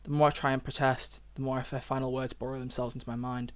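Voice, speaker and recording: A young man streaming, reading a visual novel aloud and breaking off into emotional, loud reactions. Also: mid-range voice, little pitch movement, fast talker, clean tone. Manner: emotional, swings from hushed reading to loud exclamations.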